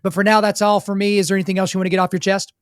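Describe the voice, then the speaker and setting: A man hosting a podcast in casual interview chat, an animated storyteller who acts out the voices he quotes. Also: high-pitched, racing, clear, resonant tone, dry recording, studio quality. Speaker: podcast host.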